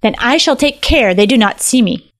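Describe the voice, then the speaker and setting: A woman voicing an eager young male fox trickster, talking in an excited, earnest way in a storybook. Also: on the high side, moderate pace, pitched above the performer's own voice, natural voice.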